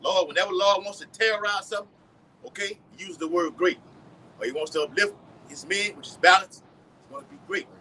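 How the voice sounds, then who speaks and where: A man with a Southern US accent reading scripture aloud and preaching outdoors, slow and loud. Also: high voice, slight background noise, low-quality recording. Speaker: street preacher.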